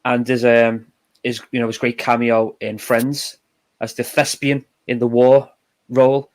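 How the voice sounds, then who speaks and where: A relaxed young man with a Liverpool accent talks over a video call from his room. He speaks at an ordinary middle pitch, easygoing and a little self-deprecating, with plenty of small hesitations. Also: measured pace. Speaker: film discussion co-host. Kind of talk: casual chat.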